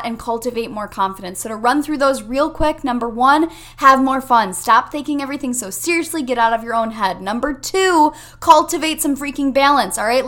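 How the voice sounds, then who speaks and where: High-voiced upbeat woman podcast host. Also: fairly bright tone. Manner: upbeat, emphatic, talks straight to listeners. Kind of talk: motivational self-help monologue.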